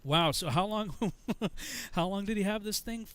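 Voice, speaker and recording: A man from Massachusetts telling a story in casual conversation, animated and laughing often as he acts out the people in it. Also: sits high, measured pace, smooth.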